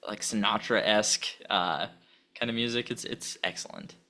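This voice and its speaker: A man's voice: fairly low pitch, normal speed, pushed and bright. A man co-hosting a casual podcast chat, talking enthusiastically, often giggling and restarting his sentences. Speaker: podcast co-host.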